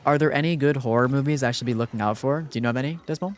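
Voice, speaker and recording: A man's voice: mid-range voice, rapid-fire. A young man streaming live, chatting casually and rambling with lots of fillers while thanking viewers.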